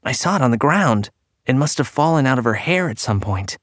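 A determined young woman speaks with firm resolve and an earnest edge, as a male narrator puts her on, his voice lifted above its usual low register. The delivery is close and dry, with no room around it. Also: lively intonation, brisk, no echo, natural voice. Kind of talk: audiobook character reading.

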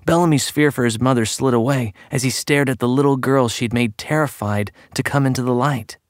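A man reading a story aloud as narrator, in a measured storytelling manner that turns tense and hushed. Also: mid-range voice, no room sound, clean studio sound. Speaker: audiobook narrator. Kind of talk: scripted narration.

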